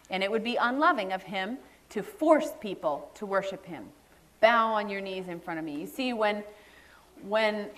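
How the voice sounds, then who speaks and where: A middle-aged woman preaching a sermon, telling stories and acting out the voices of the people she quotes. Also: fairly high pitch.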